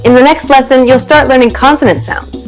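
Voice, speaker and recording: A woman's voice: high-pitched, fairly even intonation, fairly quick, soft background music, low-quality recording. A woman giving scripted narration for a pronunciation lesson, upbeat and encouraging.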